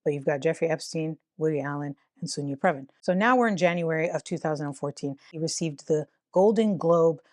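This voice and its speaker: Sarcastic woman with a lowish voice. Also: a little fast, few pauses, a little mellow, dry recording, studio quality. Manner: sarcastic, incredulous asides. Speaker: commentary YouTuber. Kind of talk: casual commentary.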